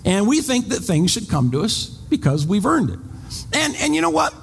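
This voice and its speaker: Animated preacher in a reverberant hall. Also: male voice, high voice, moderate pace, vocal fry, slightly rough. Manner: animated storytelling, rhetorical questions, acts out his own outrage. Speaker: pastor. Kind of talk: sermon.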